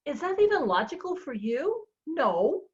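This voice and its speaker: A woman coach explains her method in an animated, conversational way. Her voice sits a little high, and she laughs easily as she talks. The recording is dull and lo-fi. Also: measured pace. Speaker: real estate coach. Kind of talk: coaching talk on a podcast. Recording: dull lo-fi sound.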